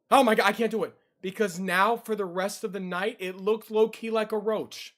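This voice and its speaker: A man's voice: sits high, steady tone, moderate pace, hardly any pauses, a bit bright. A young man streaming from his computer at home, giving jumpy reaction commentary, easily startled and given to yelps and shrieks.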